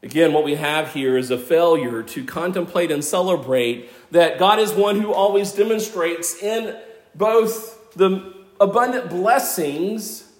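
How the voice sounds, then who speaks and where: A man in his fifties preaching a sermon, earnest and conversational, with self-deprecating asides. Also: high voice. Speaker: pastor. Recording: echoey church room.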